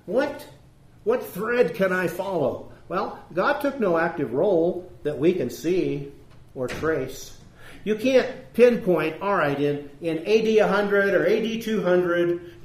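High-pitched guy teaching bible class in an echoey room, earnest, thinking out loud. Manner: earnest, conversational, reasoning aloud with rhetorical questions. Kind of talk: church Bible class lecture.

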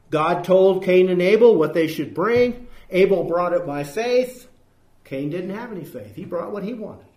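A man preaching a sermon in an earnest, emphatic way, pushing his points home with question after question. His voice sits high for a man, and the sound rings around an echoey room. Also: darkish tone.

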